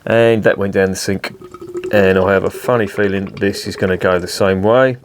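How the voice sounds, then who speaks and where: A middle-aged man with a somewhat low voice, talking straight to camera in a casual review. He swears constantly and grumbles with sarcastic exasperation. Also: steady tone, normal speed. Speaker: beer reviewer. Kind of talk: casual beer review vlog.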